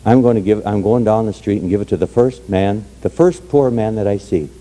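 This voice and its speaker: A hoarse man voicing a kindly, generous nun in a joke. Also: fairly low pitch, brisk, warm tone, big-room sound, natural voice, rough recording. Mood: earnest.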